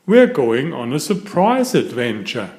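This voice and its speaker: A jolly, playful cartoon pig father, voiced by a man reading a storybook aloud. He talks slowly, and his voice swoops up and down with cheerful enthusiasm. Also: mid-range voice, sing-song, darkish tone. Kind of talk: children's story read aloud.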